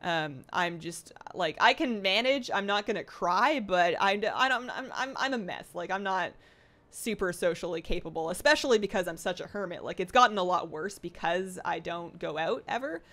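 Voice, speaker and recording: A woman's voice: on the low side, expressive, moderate pace, fairly bright tone. Chatty woman livestreamer rambling to viewers. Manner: rambling, self-deprecating, frequent fillers and restarts. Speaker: livestream host. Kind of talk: casual chat reading viewer comments. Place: home apartment.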